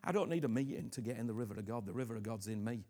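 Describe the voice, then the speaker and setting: A middle-aged man preaching a sermon, moving from hushed whispers to loud, pleading outbursts and asking his listeners again and again whether they understand him. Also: medium pitch, expressive, rapid-fire. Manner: repeats himself, asks "you understand me?" often.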